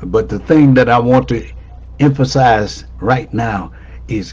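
A man's voice: medium pitch, takes it slowly, darkish tone, husky, dull audio. A man preaching a sermon as pastor, repeating his key lines with rising emphasis. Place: church sanctuary.

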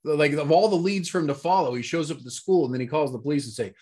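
A man's voice: on the high side, quick pace, mellow, slightly rough. A man co-hosting a casual movie review chat, rambling and searching for words with lots of fillers. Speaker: podcast co-host.

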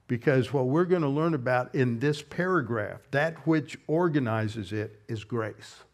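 Guy preaching a bible study sermon, steady mid pitch, slows down on key words. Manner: methodical, explains Greek grammar and verse references. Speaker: pastor. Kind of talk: expository Bible teaching sermon.

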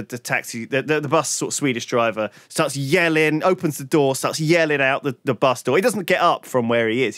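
With a mid-range, fairly bright voice, this podcast co-host chats casually through a long story and swears freely. The studio sound is clean, with no room sound at all.

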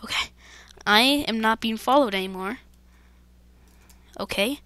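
A woman narrating her own game in a let's-play, with a fairly high, bright, sharp voice. She talks slowly and breaks into jumpy, dramatic exclamations as she speaks straight to her viewers. The sound is dry and close. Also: no room sound. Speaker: gaming channel host.

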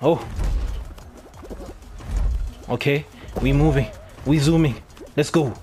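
A young man giving casual gameplay commentary, excitable and swearing when things go wrong. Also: fairly high pitch, takes it slowly. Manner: excitable, swears and rants loudly when losing. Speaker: gaming YouTuber. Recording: music playing behind the voice.

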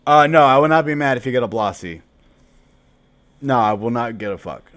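Young male streamer, casual live game commentary, crude trash talk, lively pitch that jumps from low mutters to loud outbursts. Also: moderate pace. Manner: profane, trash-talking, swinging from mumbles to shouts.

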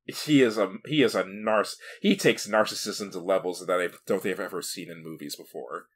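This man's deep voice is a little fast with a breathy edge. Co-hosting a casual movie review podcast, he laughs often while animatedly retelling film scenes.

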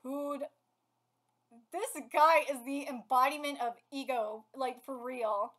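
Excitable high-voiced woman streamer. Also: slow pace. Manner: excitable, swearing, laughing. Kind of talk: live reaction to reading a manga.

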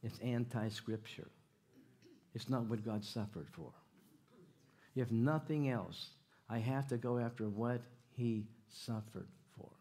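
A man preaching a church sermon, animated and jokey, often repeating his phrases and questioning the congregation. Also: mid-range voice, slow pace. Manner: animated, jokey, repeats himself, audience call-outs. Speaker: guest preacher. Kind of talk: sermon with stories and jokes. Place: church sanctuary.

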